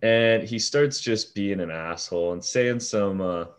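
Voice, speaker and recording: A young man with a deep, low voice tells a story in loose casual talk. He swears freely and acts out the voices of the people in it. His pitch sits on the low side. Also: measured pace. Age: young adult. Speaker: fast-food shift manager.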